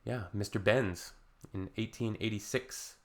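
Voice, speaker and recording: A man's voice: lowish voice, fairly even intonation, measured pace. A man hosting reaction commentary in a sarcastic, mocking way. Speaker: reaction video host.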